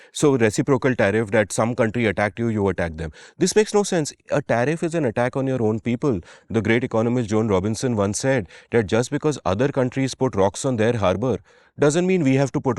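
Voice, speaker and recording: A man's voice: medium pitch, darkish tone, no room sound, studio quality. A man with an Indian English accent co-hosting a podcast, explaining economics in an emphatic, punchy, conversational way. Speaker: podcast co-host. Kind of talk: casual economics discussion.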